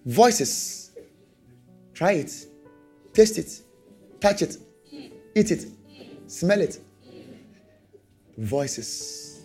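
A man preaching a sermon, animated, repeating rhetorical questions and laughing often. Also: a little high, drawn-out words, long pauses, soft background music.

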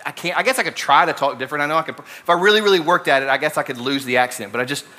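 Racing along in a slightly high, bright, forceful voice, a young Southern-accented man from Alabama, USA, delivers an informal sermon built around stories. He talks conversationally, often restarting and leaning on filler words.

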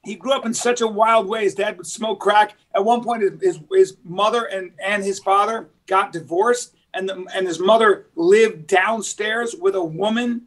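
A man's voice: high-pitched, fairly even intonation, moderate pace, hardly any pauses, a bit bright. A man co-hosting a casual podcast, telling loose, rambling stories and acting out the people he quotes. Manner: rambling storyteller, acts out quoted voices. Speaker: podcast host. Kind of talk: casual chat.

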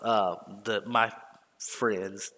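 A man telling a story from work in a heated, profane, animated way, as a podcast host. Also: lowish voice, drawn-out words. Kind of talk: casual storytelling. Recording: long reverb.

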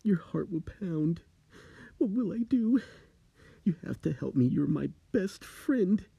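A panicky, manic man's voice pushed well up in pitch and gasped out, half whispered at times, the voice of someone haunted and coming apart in a spooky tale, as a storyteller puts him on. The tone stays husky and gravelly with a dry, close sound. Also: expressive, slow, mellow, dry recording, highs cut off, full character voice. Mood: frantic. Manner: panicky, manic, breathless pleading. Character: frightened, giggling man haunted by a rubber duck.

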